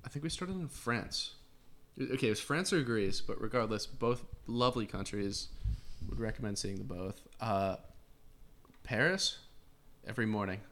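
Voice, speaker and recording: A man's voice: fairly low pitch, normal speed, fairly bright tone. A young man as a podcast guest, chatting casually at home in a playful, goofy way and swearing freely. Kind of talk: casual chat. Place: home kitchen.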